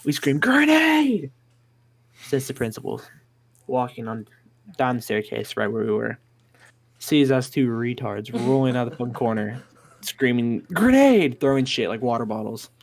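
A man's voice: mid-range voice, fairly even intonation, normal speed, vocal fry, a little mellow. Young man telling a profane, rambling story. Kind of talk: casual storytelling.

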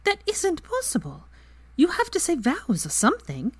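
A stubborn, bookish young witch who protests everything, as a woman reader puts her on. Her voice is pitched well up and swings a lot. It is recorded close and dry. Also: huge pitch swings, normal speed, no room sound. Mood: indignant.

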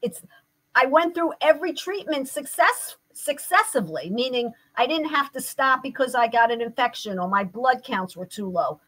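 Earnest older woman, higher voice. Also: animated, moderate pace, a bit bright, poor audio. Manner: earnest and reflective. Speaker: guest, therapist. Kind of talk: personal storytelling in an interview.

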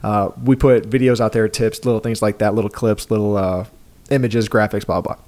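A man's voice: fairly low pitch, fairly quick. A middle-aged man with a New York accent, co-hosting a marriage podcast in a casual, joking storytelling way. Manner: storytelling, joking, animated asides. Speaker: podcast co-host. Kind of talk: casual chat.

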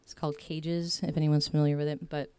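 A low, warm-toned young woman speaks to a group about faith in a loose, chatty way, full of fillers and side tangents. The sound is dry and close, with no room echo. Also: little pitch movement, fairly quick, smooth. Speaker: speaker giving a faith talk. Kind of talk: casual faith talk to a group.

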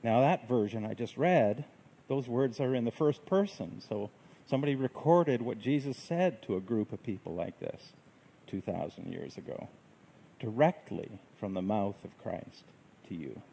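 A man preaching a sermon in a gentle, reflective way, with unhurried phrasing. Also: mid-range voice, gravelly, slight background noise, low-quality recording. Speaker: pastor.

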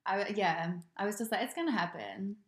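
Young woman co-host, chatty and giggly, mid pitch, echoey room. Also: sing-song, brisk. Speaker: podcast co-host. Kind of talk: casual chat. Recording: roomy echo.

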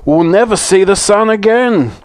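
A man's voice: high-pitched, lively intonation, normal speed, dry recording, pitched above the performer's own voice. A man voicing a dramatic toy rocking horse in a storybook reading, with a rising, dramatic reading voice.

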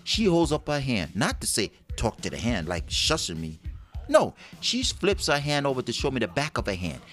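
Animated joking husband telling stories. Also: male voice, medium pitch, moderate pace. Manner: animated, laughing, acts out quotes. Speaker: vlog co-host with his wife. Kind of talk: comic storytelling chat.

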